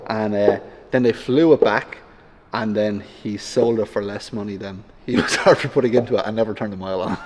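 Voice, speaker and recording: A man's voice: on the low side, steady tone, brisk, darkish tone. Laughing, teasing Irish man. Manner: joking, teasing, laughs often. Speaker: car collector guest. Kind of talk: casual chat. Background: music.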